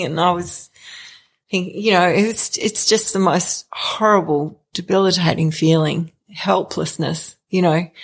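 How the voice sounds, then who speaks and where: A middle-aged woman answers an interviewer in a candid, hesitant way, pausing and restarting often. Her voice sits a little low and carries a gravelly edge. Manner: hesitant, frequent fillers and restarts. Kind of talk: candid personal storytelling.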